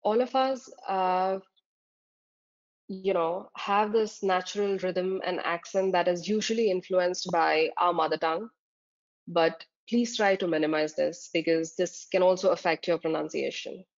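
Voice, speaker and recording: A woman with a fairly low voice teaches from her slides, defining each term one by one and pausing on small fillers as she goes. The sound is dull and lo-fi, with the top end muffled. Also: steady tone. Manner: explains terms step by step, with frequent fillers. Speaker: exam tutor. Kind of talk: slide-based lecture. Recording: dull lo-fi recording.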